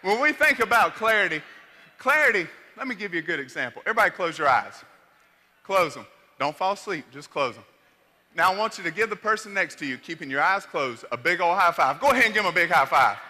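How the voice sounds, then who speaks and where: A man with a Southern country accent giving an energetic motivational keynote, shouting and leading the crowd in call-and-response. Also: high voice, fast talker. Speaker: motivational speaker. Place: large hall. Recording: echoey large hall with faint room noise.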